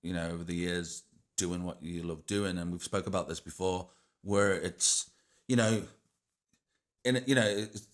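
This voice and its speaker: A man's voice: low-pitched, steady tone, a little slow, pauses often. A middle-aged man hosting a podcast, chatting casually with frequent swearing and stumbling restarts. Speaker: podcast host. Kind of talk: casual chat.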